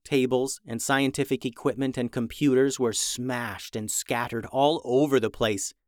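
A man narrating a children's adventure story in an animated, dramatic way. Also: medium pitch, a little slow, no echo, clean studio sound. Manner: animated, dramatic rises in tension.

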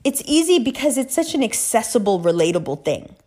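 A woman's voice: on the high side, sing-song, a little fast, dark tone. A young woman ranting casually to camera, profane and emphatic with lots of fillers. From South Asian heritage. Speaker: astrology YouTuber.

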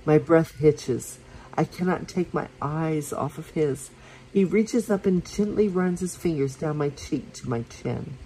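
A woman reading a romance story aloud for her podcast, soft and unhurried, with small slips and restarts. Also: deep voice, slight background noise, rough recording.

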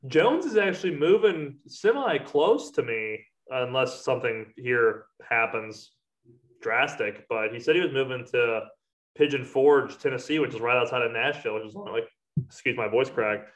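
A man's voice: medium pitch, lively intonation, moderate pace, fairly bright tone. A young man in casual chat with friends, rambling, swearing casually and laughing often.

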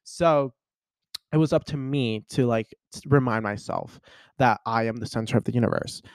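A young man vlogging in a casual chat to camera, telling stories in a chatty, animated way with lots of fillers. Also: mid-range voice, normal speed, no echo, clean studio sound. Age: young adult.

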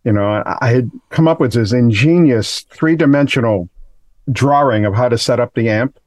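A man's voice: medium pitch, normal speed, dry recording. Laid back guitarist guy, rambles w lots of you knows, dry close mic. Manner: relaxed, rambling with fillers. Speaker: guitarist, guest. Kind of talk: casual chat.

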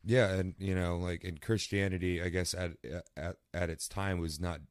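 A man's voice: low-pitched, normal speed, clear, resonant tone, no echo, studio quality. A man co-hosting a podcast, chatting casually about philosophy in a conversational way with frequent asides. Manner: conversational, many fillers, animated asides. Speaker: podcast co-host.

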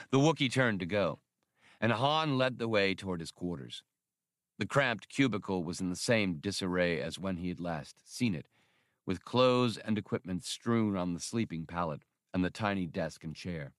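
Male audiobook narrator, deep voice with lively, animated phrasing, dry close sound. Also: moderate pace, no room sound.

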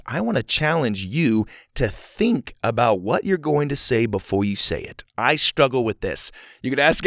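Upbeat gravelly man hosting a kids' podcast. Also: dry recording, studio quality. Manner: upbeat, encouraging, swoops high for emphasis. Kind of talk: casual talk to young listeners.

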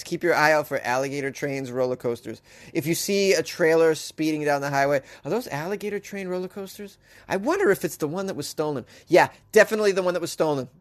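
Male host, slightly high voice, sarcastic comic news riffs, laughs a lot. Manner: sarcastic, riffing, laughs often. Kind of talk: comedic news commentary.

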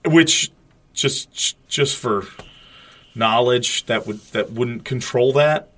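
A man in a relaxed movie-commentary chat, sarcastic and loose-tongued, with plenty of swearing. His pitch sits in a middling range. He riffs on scenes and tosses out quick jokes. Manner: profane, sarcastic, animated riffing. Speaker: podcast co-host.

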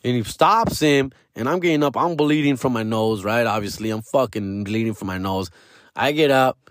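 A man's voice: mid-range voice, normal speed, dry recording, clean studio sound. A male comedian telling a story casually, profane and slangy, dropping into Spanish phrases.

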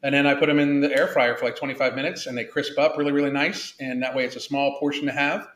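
Guy ranting on his podcast, swears a lot, mid pitch, roomy echo. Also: fairly even intonation, fast talker, fairly bright tone. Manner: profane, blunt and rambling. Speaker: podcast host. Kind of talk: casual podcast chat.

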